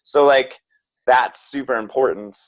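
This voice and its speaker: In an unhurried, mid-range voice, a man appears as a podcast guest for a casual reflective conversation. He speaks earnestly and frankly, leaning on "like" and "right?", with slightly dull lo-fi audio.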